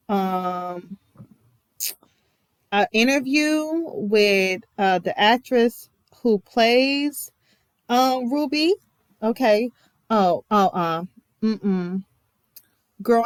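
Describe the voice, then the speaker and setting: A woman's voice: medium pitch, smooth, no room sound. A young American woman giving a chatty, emphatic reaction commentary with many fillers and asides. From United States. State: emotional. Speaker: vlogger reacting to a TV episode.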